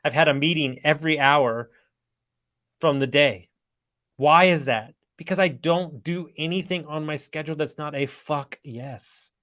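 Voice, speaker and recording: Blunt, energetic man telling stories. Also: a little high, a little slow. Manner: energetic, blunt, swears freely. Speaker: podcast guest, entrepreneur and coach. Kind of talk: casual storytelling.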